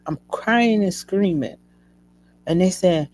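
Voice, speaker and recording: A woman hosting a show, telling a personal story to her listeners in an emotional, animated way. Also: extremely low pitch, slow, gravelly, pauses often, no echo, poor audio. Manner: emotional, animated retelling addressing listeners as y'all. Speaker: host.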